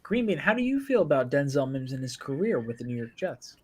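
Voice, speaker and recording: A man's voice: medium pitch, very animated, fairly quick, darkish tone, breathy edge. A man hosting a casual live stream from home, joking and reading viewer comments aloud. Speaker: podcast host reading chat. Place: at home, downstairs. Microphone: phone.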